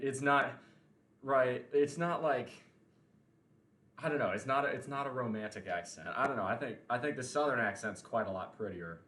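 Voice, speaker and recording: A man's voice: medium pitch, a bit bright. Rambling opinionated man in an echoey room. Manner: rambling, opinionated, frequent restarts and fillers. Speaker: podcast host. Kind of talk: casual livestream chat.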